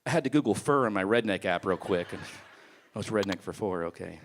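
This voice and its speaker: A man's voice: sits low, quick pace, a little hiss or hum. A man doing a stand-up comedy set on a club stage, telling crude stories with lots of swearing. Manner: profane, animated storytelling.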